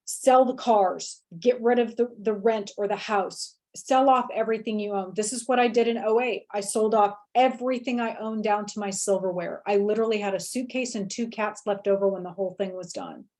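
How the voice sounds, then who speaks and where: A woman in her forties telling a candid personal story in an interview, animated and frank, now and then acting out the voices she quotes. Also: mid-range voice, normal speed, few pauses. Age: 40s. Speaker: feng shui teacher, interviewee.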